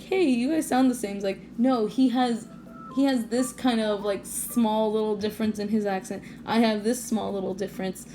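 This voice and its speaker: A young woman rambling casually at home about her own character drawing, restarting sentences and laughing often. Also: mid-range voice. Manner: rambling, self-interrupting, giggly. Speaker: artist vlogger. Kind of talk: casual late-night rambling.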